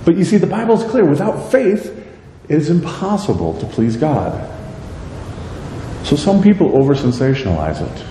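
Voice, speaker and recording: Animated male pastor in an echoey hall. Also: fairly high pitch, moderate pace. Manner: animated, acts out prayers and quotes in a raised voice. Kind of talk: sermon. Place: church sanctuary. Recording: echoey church hall, faint noise.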